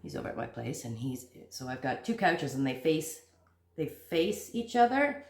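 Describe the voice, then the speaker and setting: A woman hosting a crochet channel, telling a story to camera in a casual, animated and jumpy way, laughing at herself. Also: low-pitched, normal speed. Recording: echoey room.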